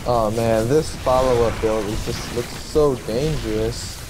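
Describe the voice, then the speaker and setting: Relaxed rambling male co-caster. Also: mid-range voice, measured pace, background noise. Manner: relaxed, rambling analysis with restarts. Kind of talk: live game commentary. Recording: faint music underneath.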